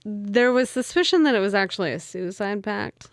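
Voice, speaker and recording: A woman co-hosting a podcast, telling a story at a mid pitch and a relaxed pace with plenty of ums between facts. The sound is dry and close to the mic, with no room at all. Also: moderate pace, no room sound. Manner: narrates from notes with many ums, laughs easily. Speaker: podcast co-host. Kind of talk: casual chat, storytelling.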